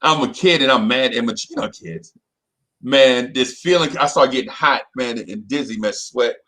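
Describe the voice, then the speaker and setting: A middle-aged man, a podcast co-host, telling a story in casual chat. He talks in an animated way, often repeats himself and keeps saying "you know what I'm saying". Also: mid-range voice, normal speed, poor audio.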